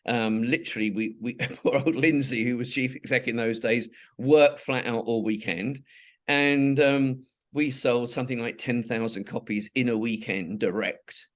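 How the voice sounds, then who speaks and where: Older English man, chatty interview guest who wanders through anecdotes, mid-pitched voice. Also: normal speed. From England. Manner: rambling, many restarts and asides. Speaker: interviewee, charity founder. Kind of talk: conversational interview storytelling.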